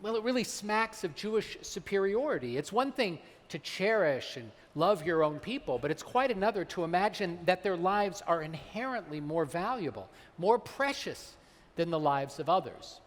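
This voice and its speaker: Rabbi preaching in a reverberant sanctuary. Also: male voice, high voice, animated. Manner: measured, slows for emphasis on quoted texts. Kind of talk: sermon. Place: large synagogue sanctuary. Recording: long hall reverb.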